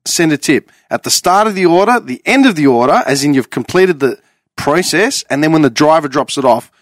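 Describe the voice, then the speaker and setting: A man's voice: fairly high pitch, expressive, fairly quick, dry recording, clean studio sound. A man, joking and swearing in casual podcast banter.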